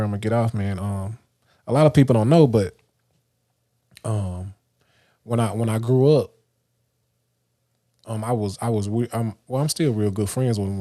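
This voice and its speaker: A man's voice: on the low side, steady tone, normal speed, long pauses, warm tone. A man from Dallas, hosting a livestream and talking through a loose, rambling motivational monologue. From Dallas, Texas. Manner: loose and rambling, many restarts and fillers. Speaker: livestream host.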